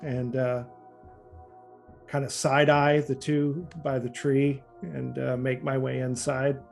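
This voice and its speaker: A man playing a tabletop game, slow and drawling. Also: mid-range voice, little pitch movement, vocal fry, faint music behind. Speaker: player. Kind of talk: casual tabletop play.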